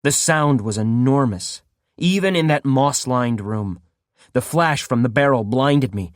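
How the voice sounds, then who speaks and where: A male audiobook narrator telling a grim story with lively rises and falls in pitch. The recording is close and dry, with no room sound. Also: a little slow, no echo. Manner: steady first-person storytelling.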